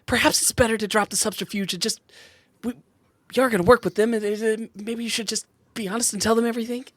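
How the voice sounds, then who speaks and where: A woman's voice: a little high, fairly even intonation, fast, no room sound, lightly acted. A woman voicing a nervous, loyal male assistant in a tabletop role-play, stammering and deferential toward his master.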